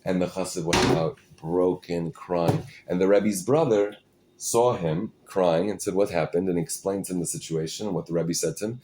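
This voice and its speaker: A man teaching an informal Torah class, halting and restarting his phrases, peppering his English with Hebrew and Yiddish terms. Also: low voice, warm tone, a little hiss or hum.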